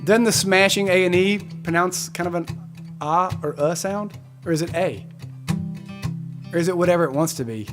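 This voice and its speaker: A man's voice: high-pitched, normal speed, pauses often, over music. A man in his forties, a musician hosting a live stream, chatting casually and rambling as he reads out viewer comments. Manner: chatty, rambling, self-correcting.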